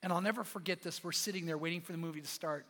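A man's voice: on the high side, very fast, sharp tone. A man preaching a sermon, telling stories and quoting dialogue with emphatic repetitions. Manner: storytelling with quoted voices, emphatic repetitions. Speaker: pastor. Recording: long hall reverb.

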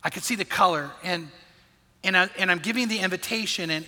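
A man's high, very bright voice carries a conversational sermon, stumbling over restarts as he tells stories to his congregation. He preaches from the stage of a large church auditorium, and the sound rings with a long hall reverb. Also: brisk. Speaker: pastor.

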